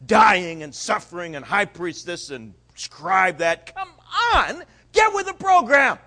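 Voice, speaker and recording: A man voicing a pushy, excited male disciple who loudly insists on glory. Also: sits high, slow pace, pitched above the performer's own voice, heavily acted. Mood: exasperated. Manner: loud, insistent and exasperated.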